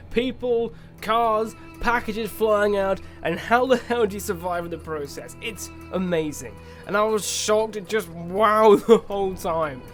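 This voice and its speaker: Reviewing a video game, a fairly high-voiced man speaks in rapid, excited spurts and gets loud at the big moments. Under his commentary, the game's music comes through clearly.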